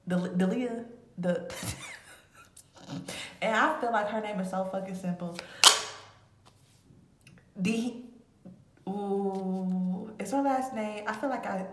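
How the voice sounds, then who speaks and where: A woman's voice: mid-range voice, roomy sound, background noise. A woman talking casually and profanely through a tarot reading, rambling with laughing asides. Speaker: tarot reader.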